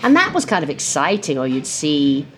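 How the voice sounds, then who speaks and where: An older woman from England, telling lively anecdotes and acting out voices over lunch in a restaurant. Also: low voice, moderate pace, a little hiss or hum. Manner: lively storyteller who acts out voices. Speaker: guest. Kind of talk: casual chat.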